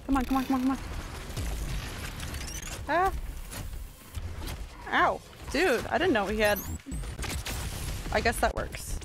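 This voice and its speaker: Excitable woman streamer yelping through gameplay. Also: sits high, takes it slowly, pauses often. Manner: excitable, yelps and talks to herself while playing. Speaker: game streamer. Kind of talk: live gameplay commentary. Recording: steady background noise.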